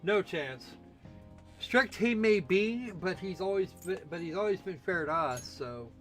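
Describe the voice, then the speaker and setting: A man's voice: high-pitched, expressive, unhurried, a bit bright, faint music behind. A man giving sarcastic commentary while playing a video game, often repeating words as he stumbles. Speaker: let's play host.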